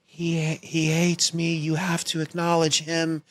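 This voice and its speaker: A man imitating his drunk, distraught mother in a high, pleading, overwrought voice. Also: completely flat delivery, measured pace.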